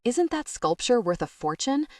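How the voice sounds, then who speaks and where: A woman voicing a curious young heroine who speaks in hushed, puzzled tones, in an audiobook. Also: a little high, sing-song, normal speed, no room sound, studio quality, recorded from a distance, pitched above the performer's own voice.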